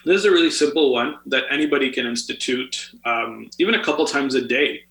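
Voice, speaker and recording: Bright-voiced man explaining health tips. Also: mid-range voice, brisk, gravelly. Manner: explanatory, with many fillers. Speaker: guest health author. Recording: roomy echo.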